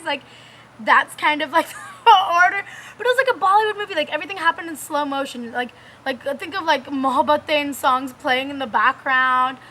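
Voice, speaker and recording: Young woman vlogging, high bright voice, chatty and animated, laughs a lot, says like a ton. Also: a little fast, slight background noise. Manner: animated, laughs often, many fillers. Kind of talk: casual storytelling to camera.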